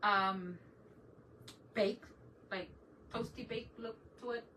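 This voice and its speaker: A bright, clear-toned middle-aged woman chats casually with her viewers while she paints a craft project, laughing easily. She sits back a little from the mic in a home room, with a faint hum of noise underneath. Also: mid-range voice, fairly even intonation, slow. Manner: chatty, laughs often, talks to viewers in chat. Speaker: DIY craft channel host. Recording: voice a bit far from the mic, faint background noise.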